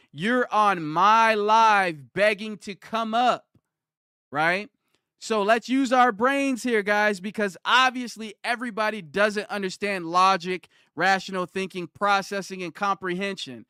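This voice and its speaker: A man's voice: high-pitched, bright, forceful tone, smooth, no echo, clean studio sound. A man on a live stream, ranting back at his chat in a combative, mocking way and hammering the same points over and over. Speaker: livestreamer. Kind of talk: livestream rant answering chat.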